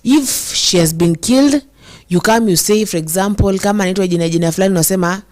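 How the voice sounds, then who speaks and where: A woman's voice: medium pitch, a little mellow. Emotional Kenyan woman hosting commentary. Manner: code-switches English and Swahili, emotional, slows to stress words. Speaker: show host reading viewer comments. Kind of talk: casual commentary.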